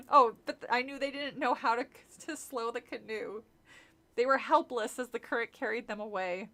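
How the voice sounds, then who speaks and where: Bright-voiced woman reading aloud. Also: a little high, steady tone, normal speed. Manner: laughs often and stumbles and corrects herself while reading. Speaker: streamer reading a book aloud. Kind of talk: casual live-stream read-through with tangents.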